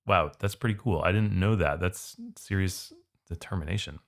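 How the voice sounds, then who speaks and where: A man's voice: deep voice, a little fast. A man tutoring for the SAT, walking through test questions in a casual, conversational way. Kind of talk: test prep walkthrough.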